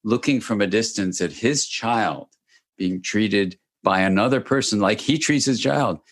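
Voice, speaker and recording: A man speaking as a guest expert in an interview, explaining in a measured, emphatic way. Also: on the low side. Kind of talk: interview answers.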